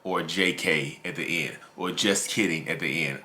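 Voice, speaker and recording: Here the host's voice is low with a sharp tone, moving at a moderate pace as he talks casually to camera about narcissism. He is a man with his own channel who repeats himself and calls his audience "y'all."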